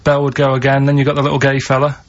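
A man with a Manchester accent, a regular on a radio chat, making blunt, deadpan remarks. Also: medium pitch, racing. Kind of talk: casual banter. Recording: slightly dull radio studio audio.

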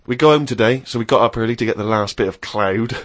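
A man reading a diary aloud in casual chat, dry and deadpan, chuckling now and then. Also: mid-range voice, fast talker, noisy background.

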